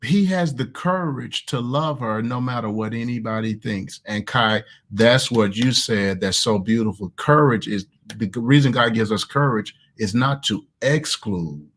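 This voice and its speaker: A man's voice: mid-range voice, unhurried, few pauses, a bit bright. A man with a Southern American accent, a pastor preaching conversationally over a video call and hammering key words through repetition. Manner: emphatic, repeats key words. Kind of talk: conversational online sermon.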